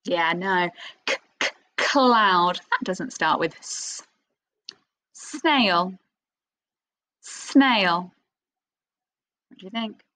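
A woman leads a phonics lesson for small children, her pitch rising and falling in a bouncy sing-song while she takes each word slowly and clearly. The sound is dry and close, with no room echo. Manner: slow, expressive sing-song teacher voice with gasps of excitement. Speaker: primary school teacher.

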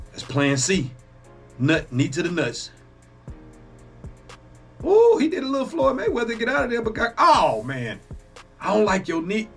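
A man hosting a reaction video, talking casually, excitable and profane, exclaiming often. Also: a little high, normal speed, pauses often, faint music behind.

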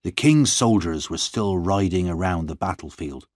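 A man reading a story aloud in the first person, calm and measured, on a close mic. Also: low voice, dry recording. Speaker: audiobook narrator.

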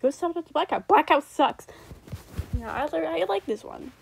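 A young woman reacting to her old raps in a casual, rambling way, switching between loud outbursts and mumbled asides. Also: high-pitched, expressive, fairly quick, gravelly, slight background noise, rough recording.

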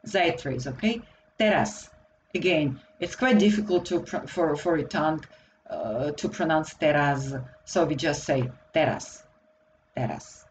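A woman with a Slovak accent, a native Slovak speaker, teaching a slow and deliberate grammar lesson for beginners in English. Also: sits low, lively intonation, slight background noise, low-quality recording. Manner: slow and deliberate, repeating words for learners. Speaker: language teacher.

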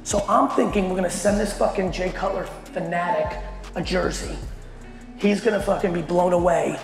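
A middle-aged man giving a blunt, animated keynote to a company audience and swearing constantly as he tells a story. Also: high voice, moderate pace, vocal fry. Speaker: keynote speaker. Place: large hall at a company event. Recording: echoey hall with faint music.

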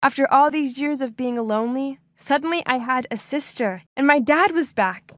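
A woman's voice: high voice, normal speed, fairly bright tone, dry recording, clean studio sound. A young adult woman narrating a first-person story in a scripted, emotive, dramatic way.

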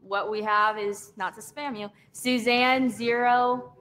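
A young woman hosting a live stream, chatting warmly as she runs through prizes and picks winners. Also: fairly high pitch, steady tone, takes it slowly. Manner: friendly, chatty, listing prizes. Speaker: brand event host.

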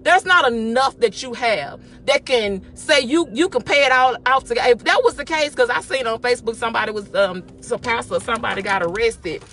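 Woman, fairly high voice, casual devotional talk, excited, emphatic, repeats phrases. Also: fairly quick, hardly any pauses.

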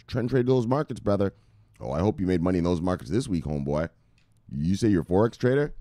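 A rowdy, swearing man hosts a crypto show, reading viewers' comments aloud. His lowish voice leaps wildly, from loud yelped catchphrases down to quiet mumbles. The sound is dry and close, with no room echo. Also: sing-song, fast talker, vocal fry. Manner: rowdy, swears freely, shouts bursts of catchphrases between low muttered asides. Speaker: crypto video host.

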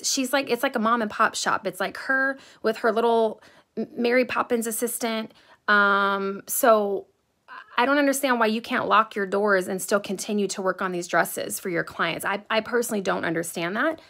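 A middle-aged woman rants to her vlog viewers in a casual, animated way. She sounds exasperated and talks fast with plenty of fillers. Her voice is bright and forward, at a mid pitch. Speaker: vlogger. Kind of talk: casual storytelling rant.

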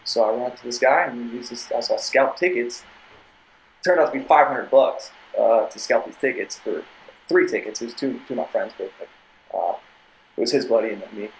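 A man's voice: medium pitch, a little fast, poor audio. Young guy rambling through a story on a podcast, keeps restarting. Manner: rambling, tangents, repeated restarts. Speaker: podcast guest. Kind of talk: casual storytelling.

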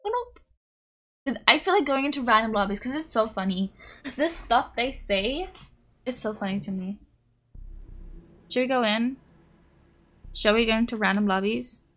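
A woman streamer with a bright, sharp tone chats away with her viewers while she plays. Her voice sits a little high, and she is excitable and giggly, breaking into squeals when startled. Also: moderate pace, pauses often. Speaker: live streamer. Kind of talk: casual gaming live-stream chat.

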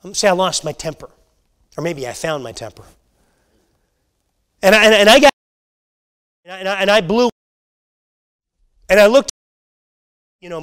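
Guy with a high voice teaching sunday school in church, earnest, keeps restarting. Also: animated, a bit bright, smooth. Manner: earnest, halting with frequent restarts. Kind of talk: Bible lesson to a church class. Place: church classroom.

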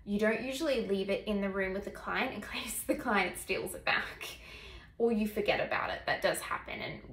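A woman's voice: mid-range voice, moderate pace, fairly bright tone. A woman vlogger telling a personal story in a casual, chatty way, full of "like" fillers. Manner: chatty, filler-heavy, lots of "like". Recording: echoey room.

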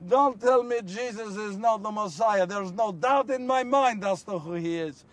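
A man's voice: high voice, moderate pace, no room sound, recorded from a distance, close to an everyday voice. A man playing an earnest apostle who recalls miracles in a first-person monologue, telling the story and asking his listeners questions, recorded outdoors. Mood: fervent. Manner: storytelling, rhetorical questions to listeners, builds to shouts. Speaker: actor in a one-man biblical monologue. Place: outdoors on location.

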